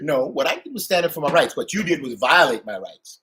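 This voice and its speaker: A middle-aged man delivering a profane, ranting monologue to his channel, swinging between loud outbursts and low mutters. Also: big pitch swings, fairly quick, slight background noise. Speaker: channel host.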